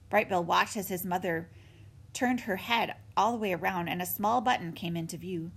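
A woman narrating a children's book in an expressive storytelling manner. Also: fairly low pitch, normal speed, breathy edge. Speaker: audiobook narrator.

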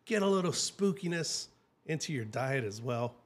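A man's voice: medium pitch, animated, moderate pace. A man hosting a travel show, chatting casually and enthusiastically, with many fillers and restarts.

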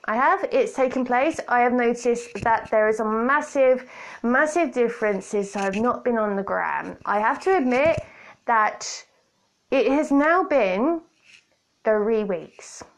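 Chatty woman rambling on her podcast, bit high voice, jokey asides, hands-free kit mic. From Britain. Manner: chatty, self-mocking, playful asides. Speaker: podcast host. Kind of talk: casual solo podcast chat. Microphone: borrowed hands-free kit headset.

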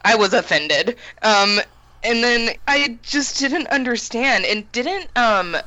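Woman, casual podcast chat, frank and talkative, bright tense tone. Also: fairly high pitch, expressive, slow, no room sound, poor audio. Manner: chatty, frank.

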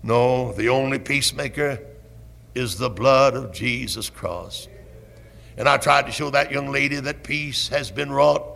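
A man preaching a fiery old-time sermon with a Southern accent, impassioned and building to shouts with drawn-out emphasis. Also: mid-range voice, vocal fry. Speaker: pastor. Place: church sanctuary. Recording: 1970s church recording with long hall reverb.

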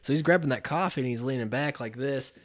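An easygoing man with a voice of ordinary middle pitch, chatting with a co-host. He retells a story with lively energy, slipping into little character voices and laughing as he goes. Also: quick pace. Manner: animated storyteller who acts out characters' lines and laughs often. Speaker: podcast co-host. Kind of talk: casual chat retelling a film plot.

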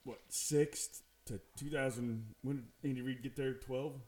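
A man's voice: mid-range voice, fairly even intonation, a little slow, mellow. A man co-hosting a podcast, talking football in an emphatic, incredulous, casual way. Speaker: podcast co-host. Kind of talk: casual sports chat.

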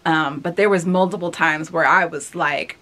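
A woman's voice: sits low, steady tone, normal speed, sharp tone. A woman of thirty talking candidly and casually as she reacts to her own old video, rambling with many fillers. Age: 30s. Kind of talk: casual reflective commentary.

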